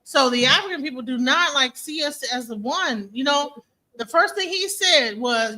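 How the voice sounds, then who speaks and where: An American woman streaming, reacting to a clip with blunt, profane, animated commentary. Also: sits high, unhurried, low-quality recording. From United States.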